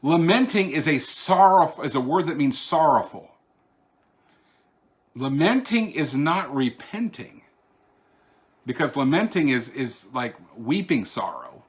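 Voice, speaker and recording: A man's voice: a little high, big pitch swings, unhurried. Man leading a casual online Bible study. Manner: conversational, with asides and repeated restarts; reads scripture aloud in a raised, declaiming voice. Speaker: pastor.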